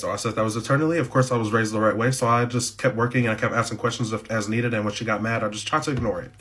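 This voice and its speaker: Low-voiced man, races through a blunt, salty workplace story with dry asides. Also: a bit bright. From United States. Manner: blunt, profane, wry asides. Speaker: vlogger telling a workplace story. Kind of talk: casual storytelling to camera.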